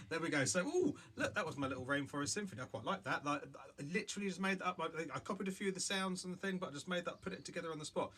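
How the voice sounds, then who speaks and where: A man's voice: fairly high pitch, rapid-fire, few pauses. Chatty male music teacher. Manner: chatty, thinking aloud with many fillers. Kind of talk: remote music lesson. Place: home room with instruments and loop pedal.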